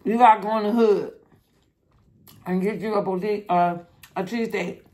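A woman's voice: medium pitch, fairly even intonation, moderate pace, a little mellow. A woman chatting casually to viewers while she eats, laughing often. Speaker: mukbang vlogger. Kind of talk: casual eating vlog chat.

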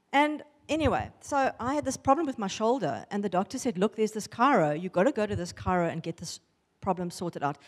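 A woman giving a lively testimony sermon to a women's church gathering, acting out the voices in her stories. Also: mid-range voice, big-room sound. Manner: animated storytelling, acting out voices. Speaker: women's ministry speaker. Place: church hall.

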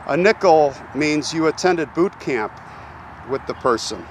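A man's voice: fairly high pitch, lively intonation, a little slow, slight background noise. A man hosting an on-location vlog at a military cemetery, speaking earnestly and reverently straight to his viewers. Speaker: channel host visiting a grave.

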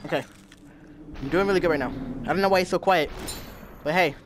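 A young man giving casual let's-play commentary while playing a VR game, reacting with loud exclamations. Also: on the high side, fast. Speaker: gamer playing VR with a friend. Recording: noisy with game gunfire behind.

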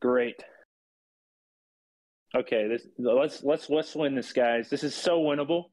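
Halting young man coaching his game team. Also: mid-range voice, darkish tone, rough recording. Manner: halting, full of fillers and restarts. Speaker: squadron leader and streamer. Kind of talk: casual team voice chat during a game.

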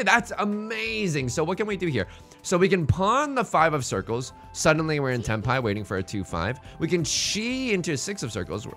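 Young guy rambling through a game, goofy asides, pitch bouncing all over, soft music under it. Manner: rambling, jokey, self-mocking, full of restarts. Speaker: let's play host. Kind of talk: casual gameplay commentary. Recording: faint music behind.

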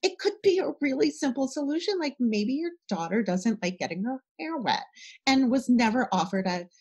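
A woman's voice: sits high, moderate pace, breathy edge. A middle-aged woman, a parenting educator, talking in a casual podcast interview and acting out little conversations with her kids as examples. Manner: animated, talks through examples with acted-out dialogue.

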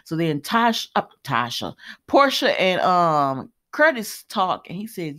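A woman with a lowish, fairly bright, expressive voice casually recaps a soap opera episode at a moderate pace. Chatty and colloquial, she retells scenes with her own running commentary, laughs, and calls viewers y'all.

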